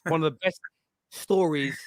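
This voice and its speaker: A man's voice: a little high, normal speed, no room sound. A man hosting a casual podcast chat, telling stories animatedly and laughing often. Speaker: podcast host.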